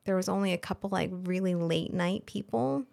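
Low, gravelly-voiced woman telling her story. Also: moderate pace, darkish tone. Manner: frank and chatty, acts out remembered dialogue, frequent "like" fillers. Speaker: hairstylist and salon owner, guest. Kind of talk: casual podcast interview storytelling.

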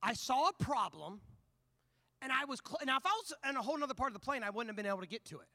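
High-voiced, bright animated preacher man. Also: fast, dry recording. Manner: animated, conversational storyteller. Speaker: pastor. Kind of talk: sermon with personal storytelling.

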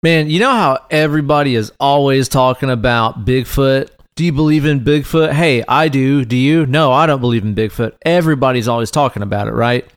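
A man's voice: mid-range voice, fairly quick, few pauses, smooth, no echo, clean studio sound. A man co-hosting a movie podcast in casual chat, jokey and profane, riffing on bits. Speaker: podcast co-host.

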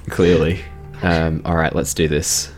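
A man's voice: very deep voice, flat delivery, takes it slowly, faint music behind. A man running a tabletop role-playing game as game master, good-humoured and apologetic.

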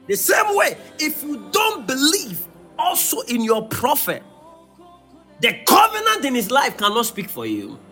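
High-pitched preacher. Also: male voice, huge pitch swings, a little slow, faint music behind. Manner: preaching with sudden shouts and sung phrases. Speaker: pastor. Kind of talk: sermon.

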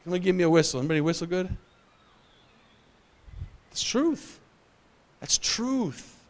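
A man with a high voice preaches to his congregation. He talks in a loose, conversational way, cracks jokes and keeps asking questions. He repeats himself and often drops into quiet asides. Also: animated, unhurried. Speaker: pastor. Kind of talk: sermon.

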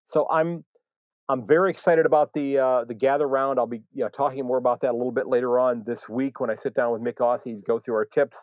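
American guy rambling on his live podcast, mid pitch, lots of ums. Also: fairly even intonation, fast, no room sound, narrow, tinny audio. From United States. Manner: rambling, many fillers and restarts. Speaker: podcast host.

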